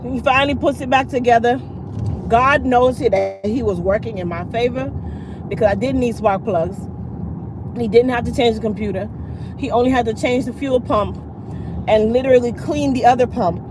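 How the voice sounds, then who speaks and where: A woman's voice: a little high, moderate pace, background noise. A middle-aged woman, telling viewers a long story in casual chat and acting out the people in it. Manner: animated, acts out the other people in the story. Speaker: vlogger and channel host.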